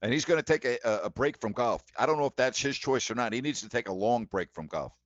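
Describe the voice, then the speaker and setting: A man's voice: medium pitch, expressive, fast, no echo. Man, sports talk host, emphatic, indignant rants, dry close sound, dull lo-fi audio.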